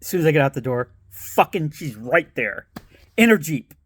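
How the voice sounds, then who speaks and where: A man's voice: mid-range voice, lively intonation, fairly quick, no echo. A middle-aged man telling a personal story in a rambling, casual way, swearing and laughing as he goes. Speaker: vlogger.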